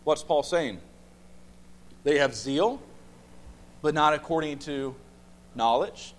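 A man leads a Bible study with a voice pitched a little high. He keeps firing questions at the group and repeats key phrases to drive them home. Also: slow pace. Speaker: Bible class teacher.

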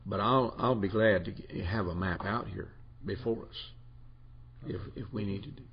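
Halting male teacher, lowish voice, muffled lo-fi classroom tape, faint room hiss. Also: vocal fry. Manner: halting, repeats words, asks the class questions. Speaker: Bible teacher. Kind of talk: classroom lecture.

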